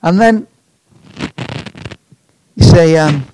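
Husky preacher, lively and chatty. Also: male voice, mid-range voice, moderate pace, pauses often, no echo, clean studio sound. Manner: chatty, joking, asks the congregation questions. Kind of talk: sermon.

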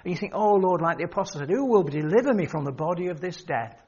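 A man's voice: on the high side, expressive, fast, darkish tone, slightly rough, dull audio. An older man preaching an earnest, pleading sermon that rises to emphatic outbursts. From England.

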